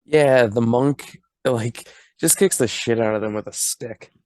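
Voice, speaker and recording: A man's voice: medium pitch, unhurried, darkish tone, no echo, studio quality. A young man co-hosting a podcast, casually recapping a film in a laid-back way, chuckling as he talks. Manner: laid-back, chuckling, lots of filler 'like'. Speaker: podcast co-host. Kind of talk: casual movie recap chat.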